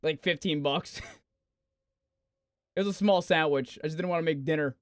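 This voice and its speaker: Young streamer dude, high lively voice, cusses a lot, dry close mic. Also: male voice, moderate pace, no room sound. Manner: swearing, ranting, melodramatic outbursts. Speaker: gaming streamer. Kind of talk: casual live-stream chatter.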